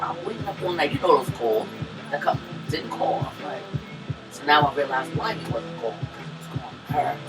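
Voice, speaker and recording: A woman's voice: deep voice, sing-song, fairly quick. Brash cursing woman telling a story on a podcast, sounds far from the mic. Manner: brash, profane, swings from loud to hushed. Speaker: podcast co-host. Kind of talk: animated storytelling. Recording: distant mic with music behind.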